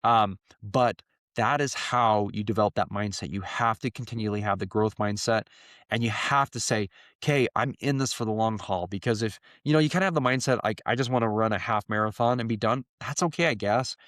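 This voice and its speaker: Man in his thirties, podcast host, low voice, earnest, rambling with fillers, dry close mic. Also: fairly quick, fairly bright tone, no echo. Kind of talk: casual solo podcast monologue.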